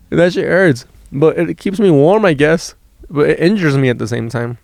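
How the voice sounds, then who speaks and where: A man's voice: fairly high pitch, normal speed, vocal fry, a little mellow, dry recording. A man, a stand-up comedian on a road trip, telling a rambling story in a casual, profane way, often restarting his words and laughing as he goes.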